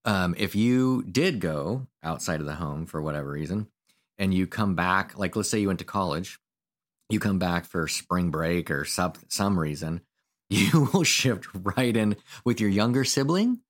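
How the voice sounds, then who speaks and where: A man co-hosting a podcast, chatting casually and telling family stories in a relaxed way. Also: low voice, a little slow. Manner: relaxed storyteller, acts out family anecdotes. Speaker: podcast co-host. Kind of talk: casual conversational podcast talk.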